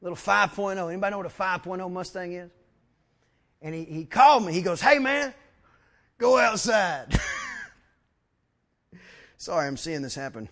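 A pastor with a high-sitting voice preaches fast, weaving stories into his sermon. He's animated, acting out the quotes and repeating words as his excitement builds.

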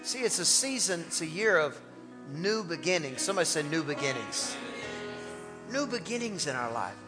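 A man preaching an animated, exclamatory sermon as pastor of a church. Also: on the high side, moderate pace, in a large hall, over music.

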